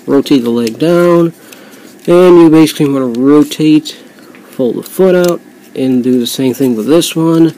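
A man casually reviewing a toy he customized at home, rambling with many fillers and quick apologies, sometimes drifting off the mic as he handles it. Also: fairly high pitch, dark tone, low-quality recording.

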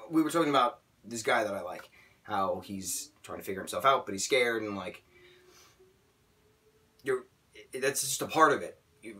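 A man in his late twenties with a bright, forceful voice rambles emotionally through a casual vlog, restarting sentences as he goes. He sits a little back from the mic. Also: mid-range voice, far from the mic. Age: late 20s. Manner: emotional, rambling, self-correcting. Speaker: vlogger.

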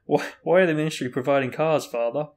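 A man's voice: on the high side, normal speed. A man reading aloud, voicing a pompous, self-important teenage boy with a stiff, dignified manner. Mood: lofty.

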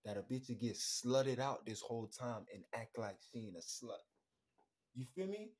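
A man hosting a podcast, ranting bluntly and crudely, swinging between muttering and loud outbursts. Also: mid-range voice, very animated, normal speed. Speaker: podcast host. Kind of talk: casual podcast rant.

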